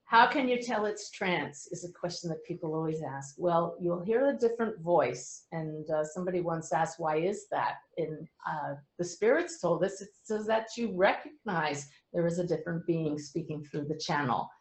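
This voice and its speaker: A middle-aged woman who is a medium, speaking earnestly to a webinar audience with gentle humor. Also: on the low side, moderate pace, hardly any pauses, reverberant, rough recording.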